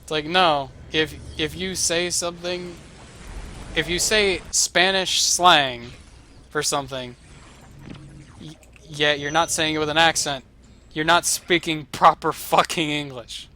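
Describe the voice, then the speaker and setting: Young male streamer, sarcastic and swearing, bright edgy voice, faint hiss behind. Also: a little high, steady tone, unhurried. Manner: sarcastic, profane, rambling. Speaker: gaming streamer. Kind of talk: casual gameplay commentary.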